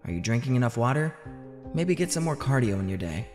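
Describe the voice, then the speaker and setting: Guy reading a dismissive doctor, curt and brisk, kinda low. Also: very animated, roomy sound, long reverb tail, music in the background, close to an everyday voice. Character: dismissive male doctor firing off questions.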